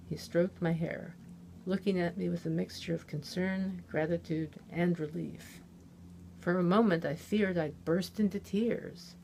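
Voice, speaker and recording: A woman author reading a chapter of her own novel aloud in the first person, in a measured, plain storytelling manner. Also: lowish voice, gravelly, dark tone, a little hiss or hum. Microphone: omnidirectional studio mic.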